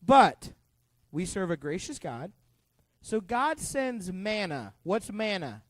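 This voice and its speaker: High-voiced playful youth pastor. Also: male voice, slow pace, no echo. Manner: playful and joking, quizzing the kids; animated, full of asides. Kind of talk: youth group Bible lesson.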